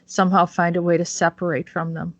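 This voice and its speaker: A woman hosts an online talk show over a video call, chatting casually and rambling with plenty of fillers. Her voice is fairly low with a flat, slightly fast delivery. The audio is dull and dry, with no echo.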